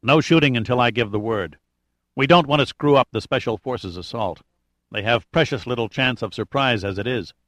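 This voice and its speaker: A man voicing a calm, decisive male team leader in an audiobook, using his own steady voice. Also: medium pitch, normal speed, no echo, studio quality, close to an everyday voice. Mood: firm.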